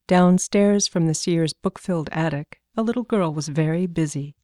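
A woman narrating a fantasy story in a measured, even reading voice. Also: deep voice, dry recording, studio quality.

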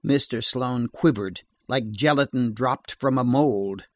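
A man narrating a horror story in a steady, measured reading voice. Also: medium pitch, dry recording.

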